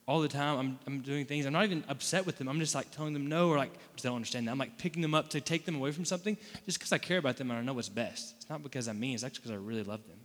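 Casual preacher in an echoing hall. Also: male voice, mid-range voice, rapid-fire, few pauses, fairly bright tone. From Florida, US. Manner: casual, conversational preaching with asides and rhetorical questions. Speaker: pastor. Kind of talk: sermon. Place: church hall. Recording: long hall reverb.

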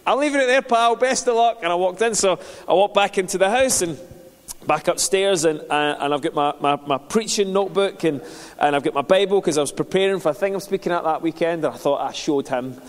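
A man's voice: a little high, fairly quick. A man preaching a sermon, telling stories in a conversational, self-deprecating way. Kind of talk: sermon with storytelling. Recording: reverberant hall.

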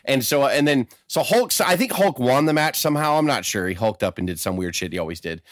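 A man's voice: mid-range voice, a little fast, dry recording, clean studio sound. A man casually chatting on a podcast, telling stories with lots of swearing and acting out quotes. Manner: profane, animated storyteller acting out quotes. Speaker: podcast co-host. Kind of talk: casual chat.

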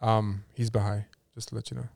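A man's voice: on the low side, level tone, brisk, vocal fry, darkish tone, no room sound, studio quality. A man co-hosting a podcast, telling a long story in casual chat with many fillers and restarts. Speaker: podcast co-host.

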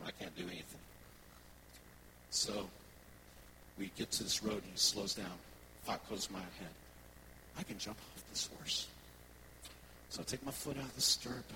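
A man, a worship pastor, preaching a sermon and telling personal stories in a conversational, animated way to his congregation. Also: fairly low pitch, background noise.

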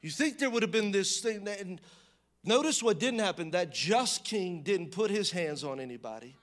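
Emphatic preacher, hushed then booming. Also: male voice, expressive, moderate pace. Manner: swings between loud emphatic bursts and hushed low reading; conversational asides and restarts. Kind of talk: sermon.

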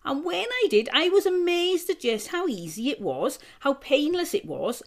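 Reassuring woman podcast co-host, higher voice. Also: big pitch swings, normal speed. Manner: earnest, reassuring, storytelling. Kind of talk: casual chat.

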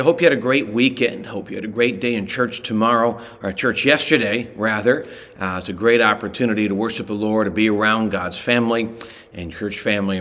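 A man teaching a relaxed daily Bible study, talking conversationally and often stopping to correct himself. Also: on the low side.

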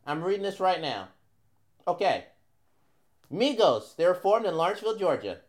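A man's voice: high-pitched, sing-song, normal speed. A man co-hosting a comedy podcast, bantering in a teasing, matter-of-fact way. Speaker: co-host. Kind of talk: casual banter.

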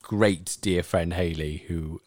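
A man's voice: low voice, fairly even intonation, slow pace, a little mellow, dry recording, studio quality. A man presenting on community radio over a video call, chatting casually, laughing easily and reading out tributes.

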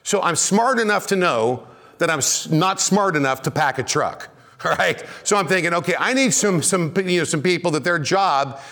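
Middle-aged male preacher, lively sermon storyteller, slightly high-pitched. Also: normal speed. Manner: animated, rising to near shouts when excited. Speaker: pastor.

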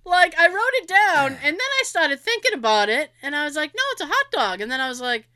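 A woman's voice: sits high, brisk. A woman co-hosting a casual podcast chat, telling stories animatedly and laughing often. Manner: giggly, animated storytelling with frequent laughs. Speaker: podcast co-host.

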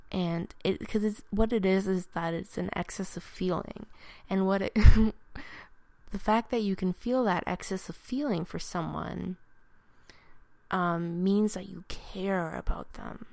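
Woman with a low, gravelly voice, candid and self-mocking storyteller, dry recording. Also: a little mellow, dry recording. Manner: candid, self-deprecating, laughs often; halting with restarts and ums. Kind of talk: personal storytelling monologue.

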